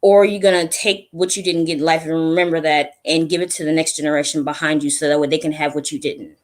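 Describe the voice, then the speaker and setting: A man speaking as a guest, giving earnest, reflective advice in a measured way. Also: on the high side, level tone.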